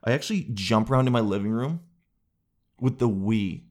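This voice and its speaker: A man's voice: fairly low pitch, moderate pace. A man hosting a solo podcast, rambling through jokey riffs with crude asides and self-mocking tangents. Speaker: podcast host. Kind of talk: solo comedic podcast chat.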